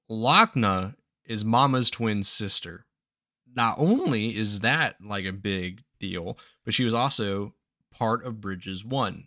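A man's voice: on the low side, bright, forceful tone, dry recording, clean studio sound. A man on a podcast casually retelling a story, swearing often, laughing and slipping into quoted voices. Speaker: podcast host recapping a game.

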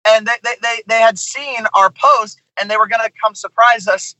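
A man and touring musician, a guest on a podcast, telling a story in an animated way with plenty of asides. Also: high voice, moderate pace, dry recording, rough recording. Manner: animated, tells stories with lots of asides.

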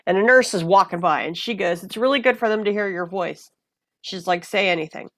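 A woman guest in a casual conversation, telling personal stories in an animated way and acting out the voices of the people in them. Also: medium pitch, brisk, no echo. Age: adult mother of a young child. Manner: animated, acts out voices in her anecdotes. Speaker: podcast guest.

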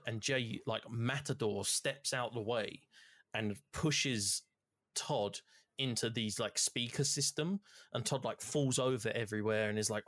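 A man in casual chat, recounting a video game's choices with lots of swearing and animated storytelling. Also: medium pitch, no echo, clean studio sound. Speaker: podcast co-host.

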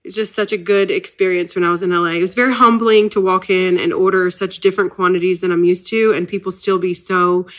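A woman's voice: fairly low pitch, steady tone, fast talker, hardly any pauses. A woman, chatting casually as host of her own podcast, upbeat and very talkative. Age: 30s. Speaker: podcast host and business owner. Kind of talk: casual chat.

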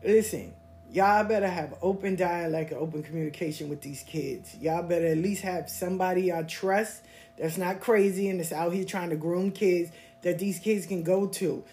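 A woman hosting a podcast, telling personal stories in a casual, blunt, animated way and swearing freely. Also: on the low side, moderate pace, slight background noise. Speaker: podcast host. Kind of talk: casual storytelling monologue.

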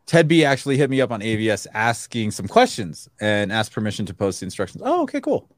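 A man co-hosting a podcast in casual chat, blunt and quick to swear, laughing often at his own jokes. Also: fairly low pitch, no room sound. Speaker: podcast co-host.

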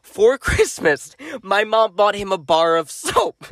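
A man's voice: high-pitched, very animated, slow, fairly bright tone, dry recording. A man co-hosting a podcast who chimes in with side remarks and jokes in casual chat. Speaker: podcast co-host.

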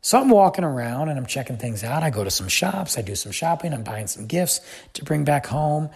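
A man hosting a podcast, telling a travel story in a chatty, animated way. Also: medium pitch, fairly quick, vocal fry, husky. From United States. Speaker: podcast host. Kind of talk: casual storytelling.

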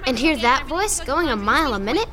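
A voice actor performs in an audio drama as a curious, brave eleven-year-old girl detective who talks eagerly to her cat. Her high, expressive voice narrates brightly and eagerly at a fairly quick pace, with a crowd and other ambient noise behind her.

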